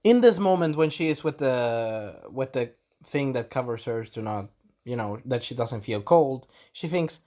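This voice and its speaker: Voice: medium pitch, expressive, a little slow, dark tone. An anime reviewer rambling through an episode recap in casual chat, swearing and acting out quotes.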